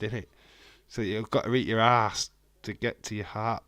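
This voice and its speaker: Man, low voice, casual stream host, joking banter with chat, dry close sound. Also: steady tone, normal speed, a bit bright, clear, resonant tone, no room sound.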